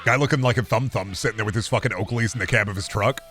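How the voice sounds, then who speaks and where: A man's voice: fairly low pitch, racing, sharp tone, faint music behind. A man in his thirties chatting on a live stream, rambling and swearing with bursts of playful baby talk at home. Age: 30s. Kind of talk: casual live-stream chat.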